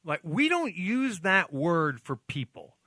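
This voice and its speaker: A man from the United States hosts a podcast, his bright, high-set voice swinging widely as he jokes and swears casually. He is heard close and dry, with no room sound. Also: slow pace, dry recording. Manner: animated, joking, swears casually. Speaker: podcast host. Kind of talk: casual chat.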